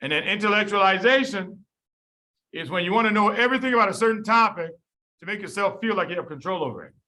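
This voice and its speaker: A man's voice: high voice, lively intonation, quick pace, bright, forceful tone. A man from the south side of Chicago giving a casual medical lecture, talking conversationally and acting out the people he tells stories about. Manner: conversational, storytelling, acts out quoted people.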